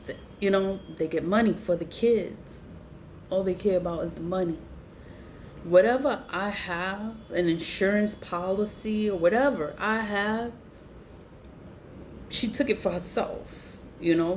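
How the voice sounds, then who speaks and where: A woman telling a story in a casual, profane rant, laughing often and swinging her voice up high for emphasis. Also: darkish tone, a little hiss or hum. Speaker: vlogger who sells spiritual goods online.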